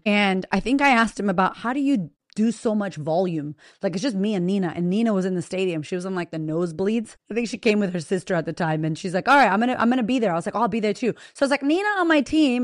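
A woman hosting a podcast in a casual motivational monologue, blunt and profane, talking straight to her listeners with energetic emphasis. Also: fairly low pitch, no room sound, studio quality. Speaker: podcast host and business coach.

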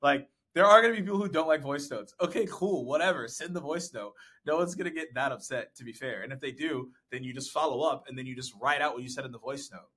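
A sales professional appears as a guest on a podcast about sales outreach, chatting casually and laughing often. His medium-pitched voice is fairly bright with a breathy edge, and he talks quickly with few pauses into a desk mic with content-creator gear.

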